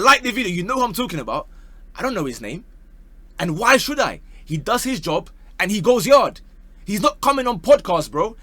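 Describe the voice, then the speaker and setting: A man's voice: high voice, no echo. A young man giving casual, mocking football commentary to camera, full of slang and "bro". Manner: animated, mocking, slangy, says bro a lot. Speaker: football opinion vlogger.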